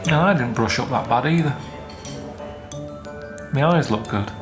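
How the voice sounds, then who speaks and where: A man from England talking in a deadpan, grumbling, plain-spoken comic way on a travel show. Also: medium pitch, a little slow. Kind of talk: dry comic monologue. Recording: TV clip with loud music behind. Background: music.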